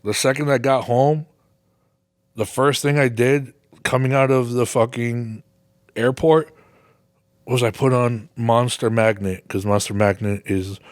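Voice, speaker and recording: A man's voice: medium pitch, fairly even intonation, a little slow, no room sound, studio quality. A man hosting a podcast, telling a rambling casual story full of swearing and laughing at himself. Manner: rambling, heavy swearing, laughs at his own stories. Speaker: podcast host.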